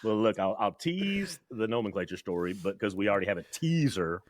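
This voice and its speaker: Very deep-voiced Southern man rambling. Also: big pitch swings, fairly quick. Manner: rambling storyteller, repeats words, acts out quotes. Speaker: podcast co-host. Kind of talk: casual podcast banter.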